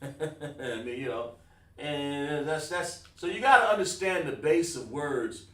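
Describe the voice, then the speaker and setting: A man's voice: fairly high pitch, a little slow. Distant, echoey male teacher's voice. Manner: informal, repeats phrases, says "man" often, chuckles. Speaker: teacher of a Hebrew counting class. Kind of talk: casual classroom teaching. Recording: roomy, distant mic.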